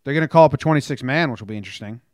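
A man hosting a casual sports podcast, upbeat and joking in fast banter with his co-host. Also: mid-range voice, a little mellow, dry recording, clean studio sound. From New Jersey.

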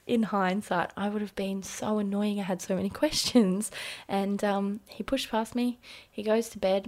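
A woman's voice: medium pitch, darkish tone. An Australian woman telling a personal story in a podcast interview, speaking conversationally and quoting dialogue as she goes. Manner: conversational, recounting events with quoted dialogue and frequent "like". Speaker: interview guest.

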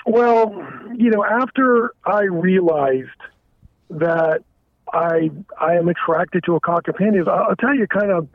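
High-voiced man on a tinny phone line. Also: no echo. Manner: halting, frank, stumbling restarts. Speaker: caller. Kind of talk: candid confessional phone talk. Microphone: telephone.

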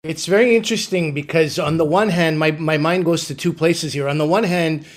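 A male comedian with a somewhat high voice. He reasons aloud thoughtfully, laying out his points one at a time in a casual panel chat. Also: fairly quick. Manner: thoughtful, building points step by step. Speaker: comedian guest.

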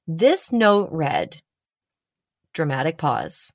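A woman, likely in her thirties, casually telling a personal story with animated delivery and dramatic pauses. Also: no echo, studio quality. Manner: animated, dramatic pauses, rising pitch when excited.

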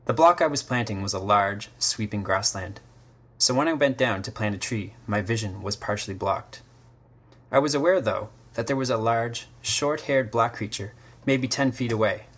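A man reading a scripted first-person story, measured and literary, with short terse sentences. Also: fairly low pitch, fairly bright tone, slightly rough. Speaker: story narrator. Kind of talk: scripted dramatic narration.

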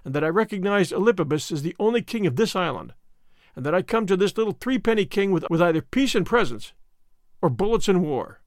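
A man voicing a bold, commanding young male leader in an audiobook, forceful and quick to excitement. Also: sits high, no room sound, clean studio sound. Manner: forceful, rising to excited outbursts. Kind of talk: audiobook character reading.

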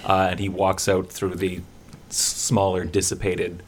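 A man playing in a tabletop game, describing actions with many pauses and fillers. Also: low voice, flat delivery, slight background noise. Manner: hesitant, many fillers, laughs easily. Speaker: player. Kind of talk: casual chat at a tabletop game.

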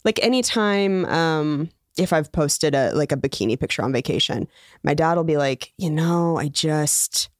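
Female comedian guest, low voice, animated storyteller, dry studio sound. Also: normal speed, no echo. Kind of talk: casual chat.

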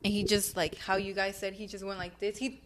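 A woman's voice: medium pitch, little pitch movement, brisk. A young woman chatting as a podcast guest, telling a family story, voicing her parents in Spanish and dropping to a whisper at times. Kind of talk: casual chat.

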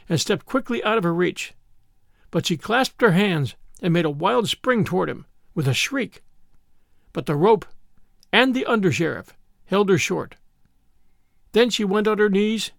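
A man narrating a classic novel with an expressive, dramatic delivery, then speaking as the podcast host. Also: high-pitched, vocal fry, dry recording, clean studio sound.

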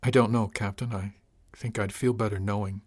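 A man voicing a troubled young male crewman in an audiobook, speaking quietly and hesitantly. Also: steady tone, moderate pace, no room sound, studio quality, close to an everyday voice. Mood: subdued. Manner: quiet, hesitant, low-spirited. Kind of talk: audiobook character voice.

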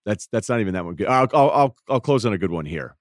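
A man's voice: fairly low pitch, lively intonation, fast, dry recording. A man as a podcast guest in casual sports chat, playful and riffing through mock bits in a studio. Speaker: podcast guest, basketball analyst.

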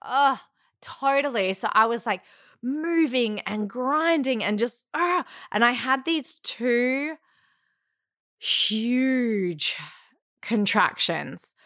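A woman in her thirties, a podcast guest, telling a personal story in a lively, casual way, acting out sounds and laughing often. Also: a little high, very slow, no echo, studio quality. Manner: animated, acts out quotes and sounds.

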